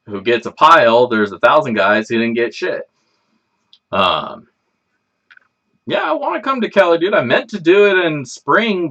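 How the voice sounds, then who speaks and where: A man's voice: mid-range voice, fairly bright tone, muffled recording. A man hosting a casual livestream, chatting in a rambling, laid-back way and swearing freely. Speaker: livestream host.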